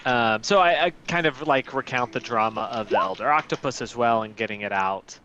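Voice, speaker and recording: A man playing a tabletop game, speaking in character in a relaxed, hesitant way. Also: medium pitch, moderate pace, highs cut off, a little hiss or hum. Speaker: player. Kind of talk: in-character tabletop role-play.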